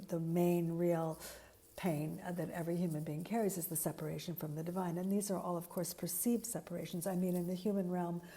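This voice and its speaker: A woman's voice: lowish voice, mellow. A woman giving an earnest, reflective spiritual talk, searching for words with frequent fillers and restarts. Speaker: spiritual teacher.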